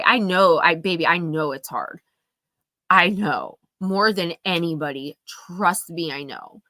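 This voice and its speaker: Bright-voiced woman giving earnest readings. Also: fairly low pitch, no echo, studio quality. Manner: earnest, emphatic, confiding, speaks to viewers directly. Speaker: oracle card reader hosting a live stream. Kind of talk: live-stream card reading, heartfelt advice.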